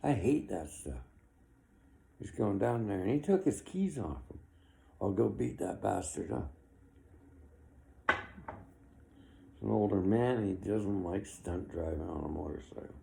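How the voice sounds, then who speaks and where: A man's voice: lowish voice, big pitch swings, a little slow, creaky, long pauses, slight background noise. A man in his sixties giving an opinionated, rambling monologue, with chuckles between his complaints. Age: 60s.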